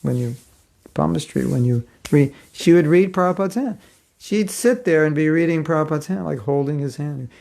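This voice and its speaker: A man's voice: a little high, normal speed, creaky, darkish tone. A man giving a devotional class, telling stories in a conversational way and chuckling often. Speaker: spiritual teacher.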